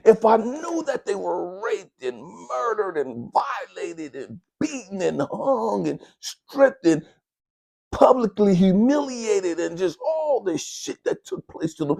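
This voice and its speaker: A man's voice: high voice, very animated, slow pace, gravelly, a little mellow. A man, a spiritual coach, delivering a fierce, profane motivational monologue in a preaching, scolding manner.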